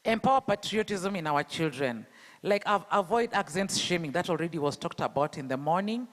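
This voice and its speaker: A Kenyan man with a Luo accent speaks at a fairly high pitch, pressing his audience with rhetorical questions. His voice carries a long echo from a reverberant hall. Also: lively intonation, fairly quick, a bit bright. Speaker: speaker at an education event. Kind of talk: public talk.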